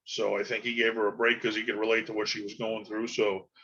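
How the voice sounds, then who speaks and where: Rambling folksy man with bright voice. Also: fairly low pitch, flat delivery, fast talker, dull audio. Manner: rambling and folksy, full of fillers. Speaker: podcast host. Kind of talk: casual solo podcast monologue.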